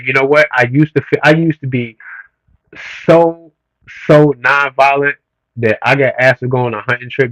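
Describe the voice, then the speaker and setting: A man's voice: medium pitch, pushed and bright, no room sound, rough recording. Profane man ranting on a livestream. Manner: profane, blunt, heated rant with rising emphasis. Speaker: streamer reading comments. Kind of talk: casual livestream rant.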